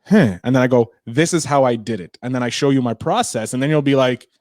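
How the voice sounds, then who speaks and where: Animated man talking podcasting, dry sound. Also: mid-range voice, no echo. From Canada. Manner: animated, fast bursts, many restarts. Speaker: podcaster guest. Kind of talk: casual interview chat.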